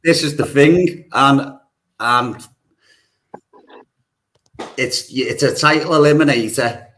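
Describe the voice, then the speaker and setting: A man's voice: medium pitch, over a noisy crowd, rough recording. A man hosting a podcast, hesitating often as he sets up the face-off. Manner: hesitant, lots of ums, slow. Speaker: podcast host.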